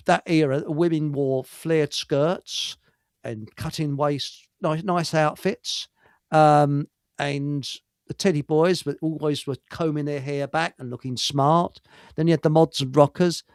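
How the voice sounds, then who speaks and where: A man's voice: on the high side, no echo. A man hosting a casual live-stream chat, telling stories in a rambling, hesitant way with many fillers. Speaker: host.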